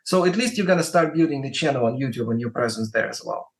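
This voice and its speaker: A man's voice: mid-range voice, lively intonation, fast talker. A man with a Russian accent giving casual advice as a guest, rambling and peppering his talk with "like" and "right?". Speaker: guest, music promoter.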